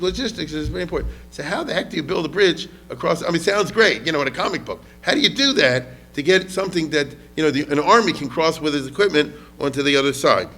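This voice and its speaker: A man's voice: fairly high pitch, fairly bright tone. A man lecturing on history as a rabbi, talking casually, often asking the audience questions and mixing in Hebrew words.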